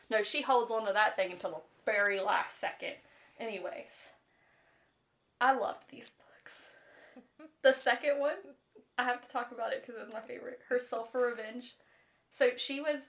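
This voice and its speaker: A woman co-host talks through book plots in a loose, chatty way. Her voice sits a little high. She is animated, sprinkles in "like" constantly and swears without a second thought. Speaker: podcast co-host. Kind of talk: casual chat about books.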